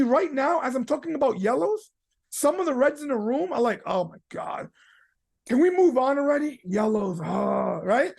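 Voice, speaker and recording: A man giving a casual webinar training talk from home, animated, slipping into character voices and leaning on fillers and restarts. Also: very high-pitched, vocal fry, slightly rough. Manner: animated, acts out quoted people in character voices. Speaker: business trainer.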